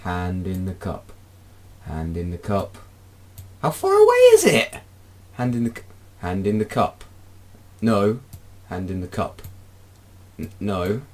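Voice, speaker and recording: A young British man giving playful Let's Play commentary, breaking into frustrated shouts. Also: sits low, takes it slowly, long pauses. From Britain. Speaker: gaming YouTuber.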